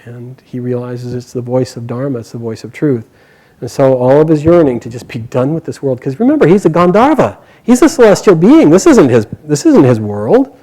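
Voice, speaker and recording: A man casually retelling an epic story aloud, animated, with quick bursts and hushed quoted lines. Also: medium pitch, poor audio.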